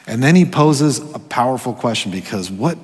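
Husky-voiced preacher guy, chatty sermon, long hall reverb. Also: mid-range voice, animated, normal speed. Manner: conversational, drops to hushed whispers for quoted voices.

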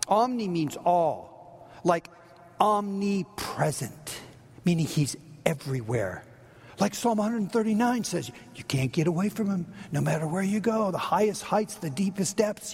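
High-voiced pastor preaching in a hall. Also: male voice, slightly rough. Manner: dynamic preaching, swinging from loud to near-whisper. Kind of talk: sermon. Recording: long reverb of a large hall.

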